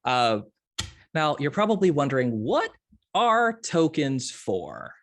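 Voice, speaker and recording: A man's voice: on the high side, very animated, slow, a bit bright. A man as game master, genially explaining rules with stumbling restarts. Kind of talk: running a tabletop game.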